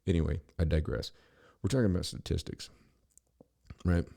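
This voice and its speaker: A man's voice: deep voice, moderate pace, vocal fry, mellow. A middle-aged man hosting a podcast, ranting in a rambling, profane, sarcastic monologue full of restarts. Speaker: podcast host.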